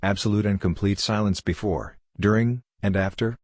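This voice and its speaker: A man's voice: fairly low pitch, steady tone, normal speed, a little mellow, dry recording, clean studio sound, natural voice. A man voicing a secretive, thin middle-aged colonel who presses hard for a promise of secrecy. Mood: insistent. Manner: insistent, probing.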